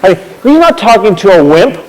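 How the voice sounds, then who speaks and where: A man with a slightly raised pitch tells history as a rambling, friendly anecdote. He often repeats a word while he finds the next thought and points things out with props. The sound carries a long, echoing reverb, as if from a large hall. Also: sing-song, a little fast. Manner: chatty, repeats words while gathering thoughts; demonstrates with props as he talks. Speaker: speaker telling history. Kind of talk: anecdotal storytelling talk.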